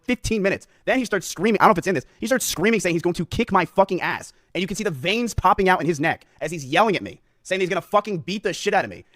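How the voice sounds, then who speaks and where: A man's voice: fairly high pitch, no room sound, clean studio sound. A male streamer animatedly retelling a story to his audience, cursing heavily and filling with "like". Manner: animated retelling, heavy cursing, many "like" fillers.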